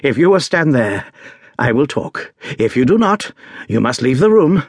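A male narrator voices a dying detective in a storybook recording. His voice croaks and falters, husky and breathy. Still he snaps out orders with imperious sharpness. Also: mid-range voice, sing-song, normal speed, no room sound, studio quality, voice pushed up. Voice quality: croaking, feeble.

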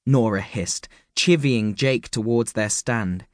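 A man narrating a children's book audiobook with animated, playful storytelling. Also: fairly low pitch, slow, no echo. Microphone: close studio mic.

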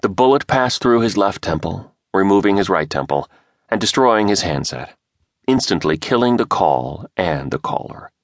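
A man narrating a thriller audiobook with expressive, dramatic storytelling. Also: low-pitched, moderate pace, dry recording, studio quality.

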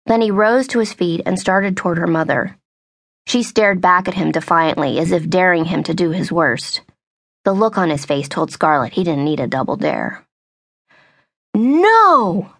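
A woman narrating a young adult novel in a steady, measured storytelling voice. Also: lowish voice, vocal fry, no room sound, clean studio sound. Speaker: audiobook narrator. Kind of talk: scripted narration.

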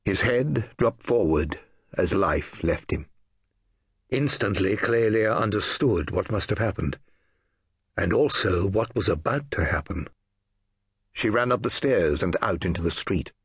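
A man narrating a historical novel audiobook in an expressive storytelling manner. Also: low-pitched, unhurried, husky, no room sound, clean studio sound.

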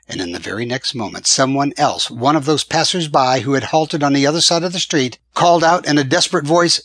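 A man reading a western audiobook as a first-person narrator, with measured, steady storytelling. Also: medium pitch, breathy edge, dry recording.

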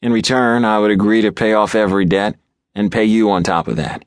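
A man narrating an audiobook, playing a smooth young city businessman who talks earnestly and cautiously. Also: on the low side, steady tone, fairly quick, no echo, studio quality, close to an everyday voice. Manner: earnest, hesitant.

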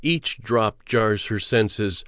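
A man's voice: lowish voice, no echo. Man narrating an audiobook, dry close. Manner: measured, steady storytelling. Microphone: close studio mic.

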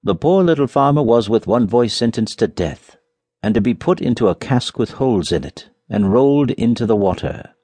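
A man narrating a fairy tale for an audiobook with an expressive storytelling delivery. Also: medium pitch, normal speed, no room sound.

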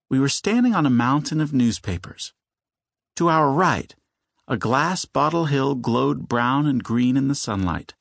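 A man reading a children's novel aloud in measured storytelling, slowing down for suspense. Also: mid-range voice, vocal fry, fairly bright tone, no echo, studio quality. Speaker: audiobook narrator. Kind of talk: scripted children's audiobook narration.

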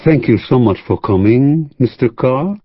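A man's voice: medium pitch, animated, unhurried, breathy edge, no echo, muffled recording, pitched above the performer's own voice. A man putting on a pleading Frenchman. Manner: pleading, overly polite, soft. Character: scruffy, intense French widower under suspicion.

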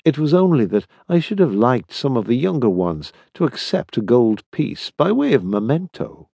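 A man doing a wistful, soft-spoken ship's doctor. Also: medium pitch, sing-song, moderate pace, vocal fry, breathy edge, no room sound, heavily acted. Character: melancholy, thoughtful male ship's surgeon.

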